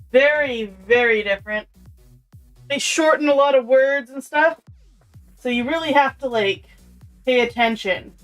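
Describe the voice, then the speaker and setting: Her voice sits on the high side with a fairly bright tone as she plays a video game on stream. She chats loosely with viewers and her pet, laughing a lot, with faint intro music behind her.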